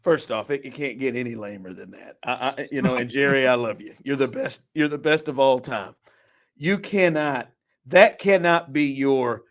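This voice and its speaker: A man hosting a casual sports talk show, animated and incredulous, laughing often and packing his talk with fillers. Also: mid-range voice, moderate pace. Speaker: podcast host.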